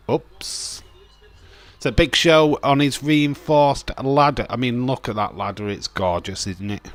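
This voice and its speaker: A young man casually commenting on a wrestling watch-along, rambling and swearing while reading chat. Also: lowish voice. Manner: rambling, chatty, swears and laughs, reads chat aloud. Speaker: streamer hosting a watch-along. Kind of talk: casual live-stream commentary.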